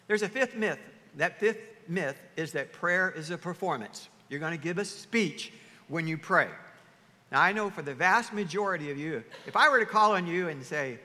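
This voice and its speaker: Man, pastor, sermon, high bright voice, animated, hall reverb. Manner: animated preaching, acts out voices of churchgoers.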